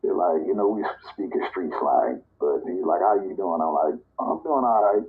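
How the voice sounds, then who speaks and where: A man from Nebraska casually telling a personal story, talking relaxed and slipping into higher voices when he quotes people. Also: normal speed. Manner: relaxed, conversational, acts out quoted dialogue in a higher voice. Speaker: storyteller in a live audio chat. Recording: tinny phone-line audio.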